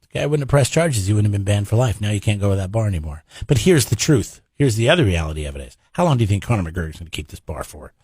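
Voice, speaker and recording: A man's voice: fairly low pitch, very animated, racing, darkish tone, husky, no echo. A man hosting a radio show, giving blunt opinions in casual banter. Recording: dry radio studio.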